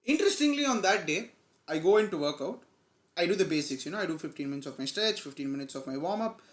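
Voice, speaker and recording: Fast-talking man telling a story. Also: fairly high pitch, echoey room. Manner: animated, emphatic retelling with quoted dialogue. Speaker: vlogger telling a personal story. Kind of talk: casual storytelling to camera.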